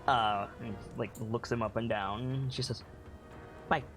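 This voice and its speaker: A young man narrating a tabletop game as game master, relaxed and full of fillers. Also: fairly low pitch, measured pace, soft background music. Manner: hesitant, lots of fillers, relaxed.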